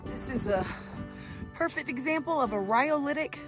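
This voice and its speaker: A woman vlogging outdoors while hiking a trail, out of breath and gushing with excitement to her camera. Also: high-pitched, normal speed. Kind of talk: hiking vlog narration to camera. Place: outdoors on a volcanic crater trail. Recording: music playing behind.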